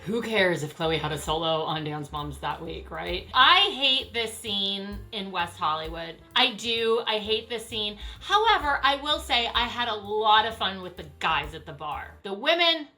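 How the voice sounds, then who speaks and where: A middle-aged woman chatting casually as she reacts to old clips, sassy and quick to laugh. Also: mid-range voice, expressive, sharp tone, faint music behind. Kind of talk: casual chat.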